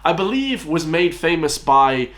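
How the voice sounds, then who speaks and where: A man's voice: fairly high pitch, sing-song, unhurried, a bit bright. An Irish man in his late twenties, hosting a casual reaction video, chatting to viewers and laughing often. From Ireland. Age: 20s.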